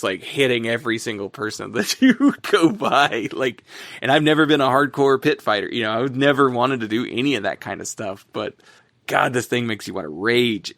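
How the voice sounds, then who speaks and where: A man chatting casually on a podcast, rambling along with plenty of fillers and quick laughs. His voice sits at an ordinary middle pitch. The recording is dry and close, with no room sound. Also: fairly bright tone, dry recording. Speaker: podcast co-host. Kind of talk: casual music chat.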